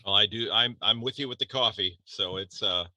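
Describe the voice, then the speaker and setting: A man's voice: lowish voice, brisk, pushed and bright, no room sound. An American man in his fifties hosting a casual podcast chat, talking loosely with frequent restarts. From United States. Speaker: podcast host.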